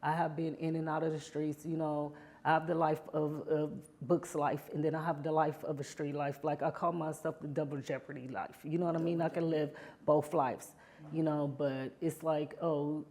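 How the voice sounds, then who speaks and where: A woman sharing her personal story in an interview, heartfelt and often adding "you know" as she talks. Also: low voice. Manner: grows animated when reliving past moments. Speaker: interview guest.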